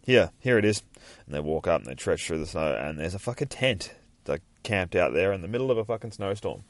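A man's voice: low-pitched, expressive, fast, no room sound. A man hosting a podcast, retelling a comic book in a rambling, profane, jokey way. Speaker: podcast host.

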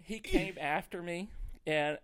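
A middle-aged man, a comedian guest on a podcast, telling a story in an animated, laughing way. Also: high voice, takes it slowly.

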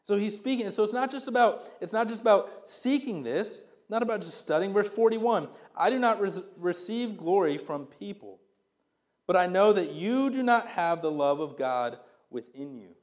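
A man's voice: sits high, animated, normal speed. A man preaching a sermon as a pastor, reading verses and explaining them in a conversational, emphatic way with rhetorical questions.

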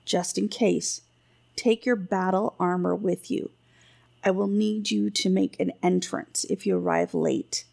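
A woman's voice: medium pitch, steady tone, a little slow, vocal fry, a little mellow. A woman voicing a blunt, impatient old king who grumbles and gives orders, in a storybook reading. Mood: commanding. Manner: grumbling, then commanding orders.

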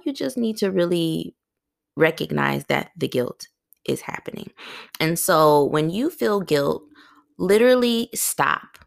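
Low, gravelly-voiced woman podcast host. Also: no room sound, clean studio sound. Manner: earnest coaching, speaks straight to listeners, laughs at own jokes. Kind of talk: solo motivational podcast talk.

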